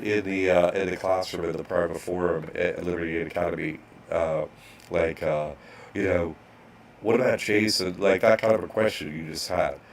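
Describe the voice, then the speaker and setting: A man's voice: low voice, gravelly, a little hiss or hum. A man casually telling a rambling story as an online course instructor, restarting sentences and acting out bank clerks.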